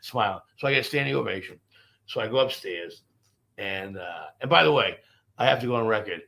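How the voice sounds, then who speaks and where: Fast-talking gravelly comedian. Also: male voice, on the low side. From Boston. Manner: profane, animated, rambling anecdotes. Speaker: stand-up comedian guest. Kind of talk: casual storytelling interview.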